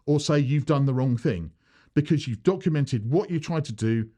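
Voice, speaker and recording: A man's voice: on the high side, normal speed. A man, an accountant talking straight to camera about business, who acts out small back-and-forth scenes. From United Kingdom. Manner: animated, acts out little dialogues with changing voices. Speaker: accountant giving business advice. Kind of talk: direct-to-camera advice video.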